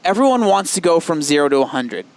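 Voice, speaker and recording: A man hosting a podcast interview, asking curious questions and sharing advice in a measured, encouraging way. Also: a little high, sing-song. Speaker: podcast host. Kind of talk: interview conversation.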